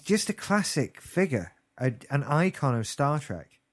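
A man's voice: on the high side, sing-song, unhurried. Wry British man chatting. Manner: wry, jokey asides. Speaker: podcast co-host. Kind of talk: casual chat.

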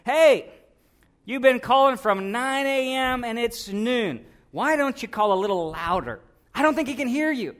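Male pastor doing a sarcastic prophet, high, jeering, slow. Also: lively intonation, a bit bright, exaggerated voice. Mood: mocking. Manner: sarcastic, taunting. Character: mocking biblical prophet taunting rivals, man.

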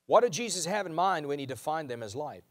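A man with a slightly high voice preaches to his congregation. He drives his points home with emphatic repetition, slowing down on the lines that matter most. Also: sing-song. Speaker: pastor. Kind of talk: sermon.

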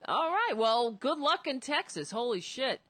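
A woman hosting a casual political talk show, rambling, cursing and animated as she talks. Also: high-pitched, unhurried, no echo.

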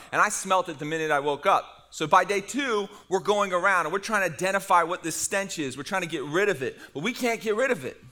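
A middle-aged man preaching a sermon, telling a story with lively humor to his congregation. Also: sits high. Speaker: pastor.

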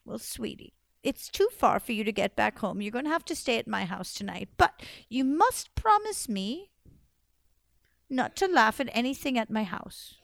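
A woman doing a soft-spoken kindly old woman. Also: fairly high pitch, sing-song, moderate pace, vocal fry, no room sound, exaggerated voice. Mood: coaxing. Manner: soft, coaxing, calls the girl sweetie.

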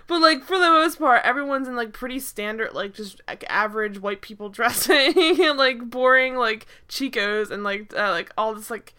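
Reviewing a TV episode in casual podcast chat, this woman co-host rambles, leans heavily on "like," and keeps restarting. Her slightly high voice is bright, forceful, and smooth, at normal speed with few pauses.

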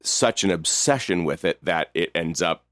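A man co-hosting a casual talk about music, speaking thoughtfully with fillers and soft laughs. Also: deep voice, lively intonation, normal speed, smooth. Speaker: podcast co-host. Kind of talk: casual chat.

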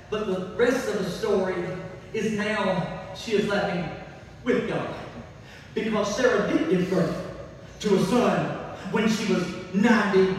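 A man preaching a sermon, animated and building up to shouts. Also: high voice, a little hiss or hum. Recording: echoey hall from far off.

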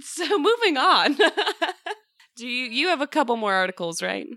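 Lively, giggly young woman on a podcast. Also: sits high, a little slow, no echo, clean studio sound. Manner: giggly, self-mocking, expressive. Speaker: podcast co-host. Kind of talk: casual podcast chat.

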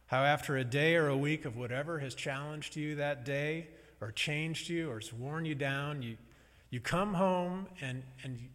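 A man's voice: fairly high pitch, normal speed, fairly bright tone. A man preaching a sermon in a conversational, wry and reflective way. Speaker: pastor. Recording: long reverb of a large hall.

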